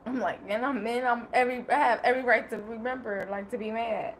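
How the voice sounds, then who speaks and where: A woman's voice: fairly high pitch, fairly even intonation, fairly quick, slight background noise, rough recording. Emotional, rambling woman on a livestream. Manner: emotional, rambling, laughs often. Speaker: livestream host. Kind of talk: casual personal livestream talk.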